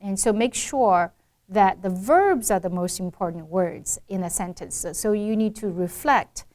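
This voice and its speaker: A woman working as an accent coach, explaining and demonstrating English pronunciation slowly and carefully in a lesson chat. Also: medium pitch, darkish tone.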